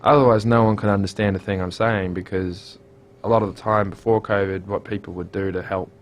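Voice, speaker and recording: Young aussie bloke, low voice, laid back and chatty. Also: male voice, a little fast, slight background noise. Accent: Australian. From Australia. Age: young adult. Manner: relaxed, storytelling, careful articulation. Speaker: student guest. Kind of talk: casual interview chat.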